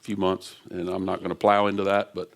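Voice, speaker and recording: Male guest preacher, casual and excitable, talks loosely into a stage mic in a church. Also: deep voice, a little fast, creaky. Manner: animated and chatty, laughs often. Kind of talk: lively conversational sermon. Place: church sanctuary. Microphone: stage microphone.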